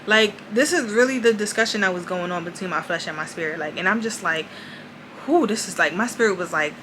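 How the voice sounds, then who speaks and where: A woman's voice: medium pitch, fairly quick, background noise. A young woman vlogger telling a personal faith testimony in a chatty way, addressing viewers directly and saying "like" often. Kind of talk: casual confessional testimony.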